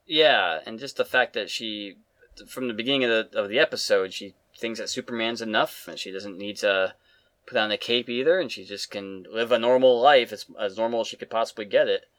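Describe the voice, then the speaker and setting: Bright-voiced man giving laid-back opinions. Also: lowish voice, a little fast, no echo. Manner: chimes in with opinions, relaxed, uses fillers like you know. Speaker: podcast co-host. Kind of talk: casual commentary.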